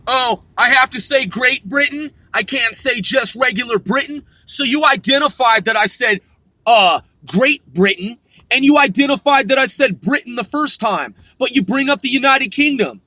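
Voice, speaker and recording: A man's voice: very high-pitched, moderate pace, pushed and bright, no echo. A man hosting a vlog, ranting profanely and arguing with a voice assistant in exasperation. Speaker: vlog host. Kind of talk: ranting commentary.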